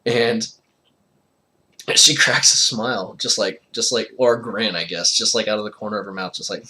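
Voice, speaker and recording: A man's voice: lowish voice, steady tone, normal speed, bright, forceful tone. A young man telling a casual personal story, rambling with lots of fillers and frequent laughter.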